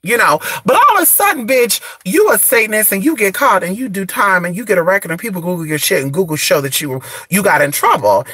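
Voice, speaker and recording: A woman who does spiritual candle services, talking in a blunt, profane rant, her voice raspy from just waking up. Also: mid-range voice, expressive, quick pace, hardly any pauses, pushed and bright, no room sound. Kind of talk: casual rant to camera.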